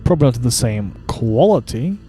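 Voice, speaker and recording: A man's voice: medium pitch, big pitch swings, brisk, mellow, faint music behind. A man streaming a video game, giving casual, wry commentary with frequent chuckles. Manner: wry, amused, chuckles often.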